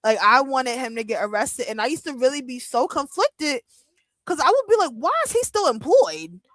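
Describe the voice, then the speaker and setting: A young woman chatting casually as host of a wrestling watch-along, excitable and full of fillers and laughs. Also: sits high, fairly quick, dry recording. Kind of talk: casual chat.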